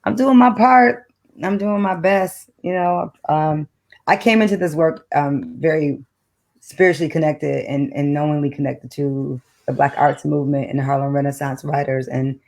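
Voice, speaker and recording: A woman's voice: sits low, steady tone, normal speed, darkish tone. A middle-aged woman from Detroit reads poetry with a rhythmic, emphatic spoken-word delivery. Between poems she talks easily as a guest of an online book club. She is heard through a video call. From Detroit, United States. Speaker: poet, guest author.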